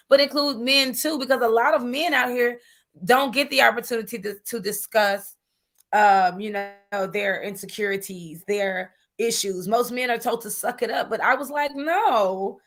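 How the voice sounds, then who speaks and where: A woman guest in an interview, telling her business story in a lively, chatty way, calling people "honey" and using many fillers. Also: on the high side. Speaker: guest entrepreneur. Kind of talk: animated interview talk.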